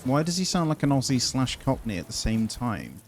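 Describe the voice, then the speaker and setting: A man's voice: medium pitch, sing-song, fairly quick. Chatty man commenting on gameplay. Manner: chatty, thinking aloud, easily delighted. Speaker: gaming video host. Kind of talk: casual game commentary.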